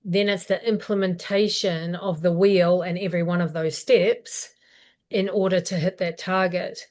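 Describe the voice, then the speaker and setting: Woman, business coach, live stream, practical, steady, lower-pitched voice. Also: normal speed. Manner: practical, steady, asks herself questions aloud.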